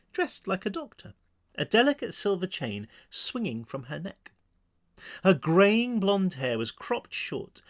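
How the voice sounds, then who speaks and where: A man reading his own novel aloud in the first person, expressive and conversational, at home. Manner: expressive reading with wide pitch swings, asides to listeners. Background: child screaming downstairs.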